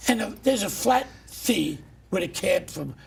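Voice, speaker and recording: A middle-aged man hosts a talk show, ranting bluntly and loudly as he tells his stories. His voice sits high for a man and is deeply gravelly, with a rough, creaky edge. A faint hiss of noise runs underneath. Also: measured pace. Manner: blunt, loud, animated storyteller. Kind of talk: casual ranting monologue.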